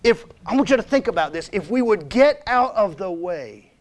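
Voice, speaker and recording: High-voiced preacher, emphatic. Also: male voice, sing-song, normal speed. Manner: emphatic, conversational, keeps urging "listen" and "come on now". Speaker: visiting missionary preacher. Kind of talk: sermon. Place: church sanctuary.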